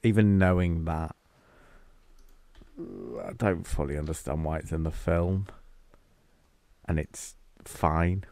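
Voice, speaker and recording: A man's voice: low voice, fairly even intonation, slow pace, pauses often, a little mellow, no room sound. A man co-hosting a film podcast, chatting casually with wry asides and thinking-aloud fillers. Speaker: podcast co-host.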